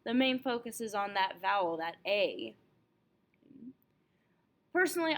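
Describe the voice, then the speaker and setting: A woman teaching French, calmly going over a test review and slowing down for example phrases. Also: mid-range voice. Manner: clear, patient explaining with slowed example phrases.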